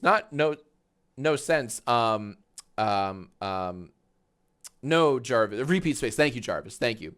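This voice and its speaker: A man streaming live and reacting to a clip, talking in a halting, rambling way with sudden swearing outbursts. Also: medium pitch, a bit bright.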